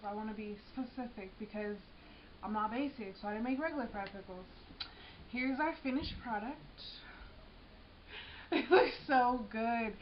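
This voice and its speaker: High-voiced woman chatting through a cooking vlog. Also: highs cut off, a little hiss or hum. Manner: chatty, slangy, tasting food while talking. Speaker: cooking vlogger. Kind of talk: casual cooking vlog talk.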